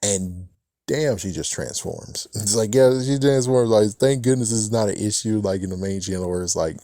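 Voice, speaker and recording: A man's voice: fairly low pitch, normal speed, mellow, dry recording, studio quality. A man casually reviewing a TV episode, rambling and cursing often, with frequent "it's like" asides. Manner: rambling, profane, repeats "it's like". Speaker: show reviewer.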